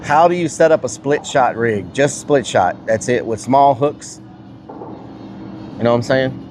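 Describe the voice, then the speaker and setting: A man's voice: mid-range voice, a little slow, a little mellow, faint music behind. Blunt middle-aged man streaming outdoors. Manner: blunt, swears casually, answers chat. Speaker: livestreamer. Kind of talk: casual live-stream chat while fishing. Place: outdoors by a river.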